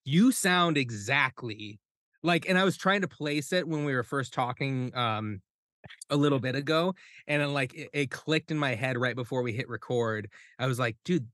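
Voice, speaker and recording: A man's voice: medium pitch, moderate pace, fairly bright tone, no room sound, clean studio sound. A man from the Midwest US, a guest musician on a casual podcast, rambling with lots of filler words and swearing.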